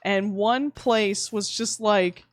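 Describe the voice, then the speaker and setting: A young woman livestreaming, chatting casually while she plays, rambling and swearing with sudden animated outbursts. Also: medium pitch, slow pace, no room sound, clean studio sound. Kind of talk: casual chat while gaming.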